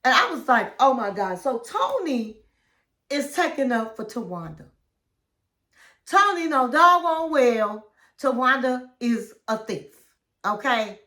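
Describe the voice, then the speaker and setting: High bright-voiced woman gossiping a recap. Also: sing-song, takes it slowly, pauses often. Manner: chatty, gossipy storytelling that acts out quoted lines. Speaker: reality TV recap host. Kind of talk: casual episode recap.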